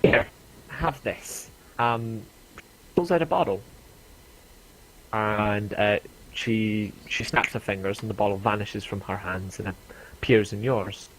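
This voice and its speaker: A man narrating as game master for a tabletop game, with halting, um-filled delivery. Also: fairly low pitch, slight background noise, rough recording.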